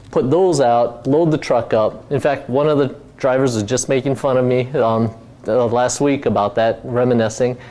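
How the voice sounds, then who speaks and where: A man's voice: medium pitch, warm tone. A middle-aged man from Hawaii, a company founder telling his story in a casual talk, rambling with many fillers and restarts.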